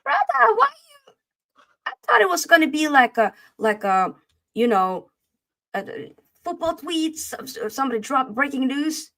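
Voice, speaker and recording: A woman's voice: high-pitched, sing-song, normal speed, vocal fry, sharp tone. A woman co-hosting a casual football chat show, talking in a playful, trash-talking way full of slang. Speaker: podcast co-host.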